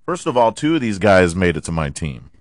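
A man hosting a podcast, hoarse from allergies and often clearing his throat, ranting about football with lots of swearing and rhetorical questions. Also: low-pitched, big pitch swings, brisk, a little hiss or hum. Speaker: podcast host. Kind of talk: casual sports rant.

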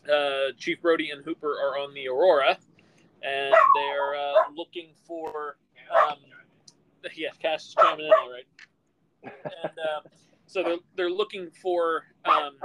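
A man's voice: fairly high pitch, very noisy. A man in casual movie chat, retelling a scene with many fillers. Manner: rambling, filler-heavy retelling. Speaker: podcast co-host.

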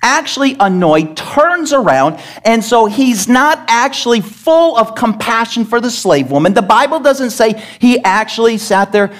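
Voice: mid-range voice, lively intonation, a little slow, hardly any pauses. A pastor preaching a sermon to a congregation, emphatic and pressing them with questions. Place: church service.

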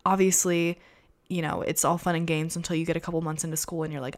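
A woman's voice: sits low, little pitch movement, fast talker. A teenage girl from America hosting a casual solo podcast, chatty and rambling with lots of fillers. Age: teens. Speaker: podcast host.

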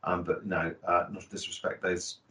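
A man's voice: low voice, level tone, a little fast, bright, forceful tone. A man co-hosting a hobby podcast, chatty and jokey, often correcting himself mid-sentence. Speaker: podcast co-host. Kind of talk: casual chat.

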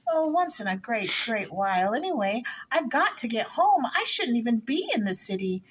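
A woman's voice: fairly high pitch, very animated, normal speed, breathy edge. A woman playing a nervous, flustered married suburban woman, chattering breathlessly in a rehearsed stage play reading. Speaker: actor in a rehearsal.

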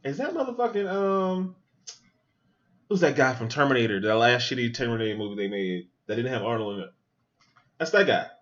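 Male podcast host with a very animated, crude watch-along delivery and a muffled lo-fi sound. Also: medium pitch, brisk, long pauses. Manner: loose, profane, joking running commentary. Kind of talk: casual movie watch-along commentary.

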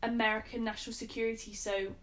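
A woman's voice: on the high side, level tone, fast, a crowd in the background. A young Englishwoman co-hosting a podcast, chatting and explaining things at length with lots of "like" and "um". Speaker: podcast co-host. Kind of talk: casual chat.

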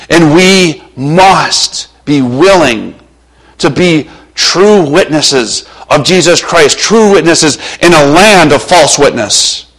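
A male pastor preaching a sermon with passion, moving between loud urging and hushed, quiet passages, his voice a little strained. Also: fairly high pitch, slightly rough, poor audio.

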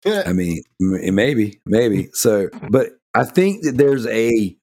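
A man's voice: medium pitch, big pitch swings, takes it slowly, gravelly, a little mellow. A man co-hosting a casual gaming podcast, rambling and enthusiastic, with many fillers like "you know" and "like". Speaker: podcast co-host.

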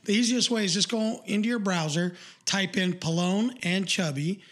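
A high-voiced man hosts a podcast live stream in loose, casual chat. He rambles bluntly, swears freely and fills gaps with "uh". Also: moderate pace, fairly bright tone. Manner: rambling, blunt and profane, heavy on fillers. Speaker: podcast co-host.

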